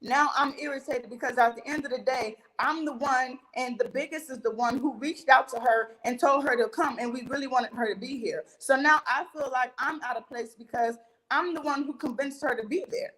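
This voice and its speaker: Speaking at a normal pace on a low-quality recording, a young interview guest with a very high voice shares her story casually. She recounts a heated fight with lots of energy, swearing freely and jumping in over other people.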